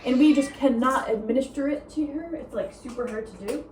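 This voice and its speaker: Fast-talking young woman rambling at home. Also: high voice, darkish tone, slight background noise, low-quality recording. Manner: fast talker, rambling with many fillers. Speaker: vlogger. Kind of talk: casual rambling vlog. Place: home with a meowing cat.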